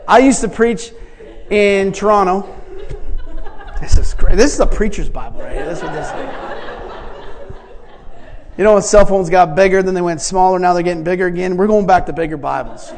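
Male preacher, gravelly voice, rambling, chuckling storytelling, big hall echo. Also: sits high, normal speed, pauses often, a little hiss or hum. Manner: rambling with many restarts and chuckles. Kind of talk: sermon storytelling. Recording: long reverb in a large hall.

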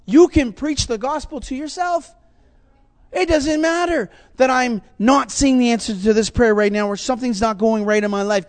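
A man with a notably high voice preaches with mounting passion. He swings between quiet, reflective stretches and loud, urgent calls to his listeners. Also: normal speed. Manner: passionate, rising to fervent exhortation. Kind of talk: sermon.

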